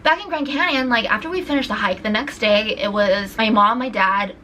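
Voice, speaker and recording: A young woman from California chatting to camera in a vlog, retelling road-trip run-ins in an animated way with lots of restarts. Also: a little high, brisk, slight background noise, rough recording. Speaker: vlogger. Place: indoors at a rental home.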